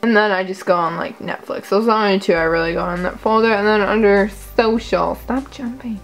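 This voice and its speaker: A woman's voice: mid-range voice, fairly quick, soft background music. A young woman vlogging casually, goofy and chatty, often laughing at herself. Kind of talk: casual chat.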